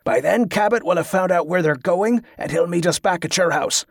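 A man's voice: high-pitched, brisk, gravelly, no echo, studio quality. A man playing a blunt, bullying male ringleader who growls orders with scorn. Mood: gruff commanding. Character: gruff bullying male schemer, a leader.

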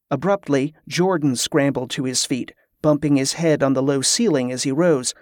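A man's voice: mid-range voice, normal speed, few pauses, no echo. Man narrating a story, dry and close. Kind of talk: scripted narration.

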